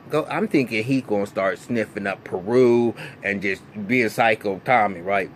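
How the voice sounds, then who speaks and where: A man, recapping a TV episode in a casual, animated, profane way full of fillers and restarts. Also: fairly low pitch, a little slow, slight background noise. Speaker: TV recap vlogger.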